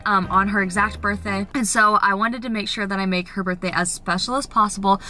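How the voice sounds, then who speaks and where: A woman's voice: mid-range voice, bright, forceful tone. A woman in her twenties hosting a family vlog, talking straight to camera in a gushing, upbeat way with lots of fillers. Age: 20s. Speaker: vlogger host. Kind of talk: casual vlog talk to camera.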